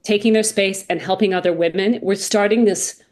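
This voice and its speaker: A woman's voice: medium pitch, steady tone, moderate pace, darkish tone. Earnest woman, voice coach guest. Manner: earnest, emphatic, repeats phrases. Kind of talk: interview conversation.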